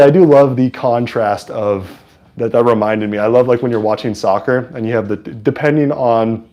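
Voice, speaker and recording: A man from San Francisco hosting a livestream, chatting excitedly and casually as he comments on a football game. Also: medium pitch. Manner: chatty and excitable, with frequent fillers. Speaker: livestream host. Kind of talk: casual live sports commentary.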